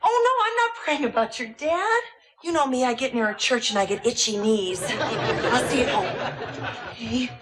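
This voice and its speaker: A woman's voice: a little high, lively intonation, normal speed, a loud crowd, lightly acted, rough recording. A woman playing a flustered sitcom mom. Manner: bright, fluttery reassurance. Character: flustered cheerful mom hiding a secret. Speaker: sitcom mother. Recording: old sitcom clip with studio audience.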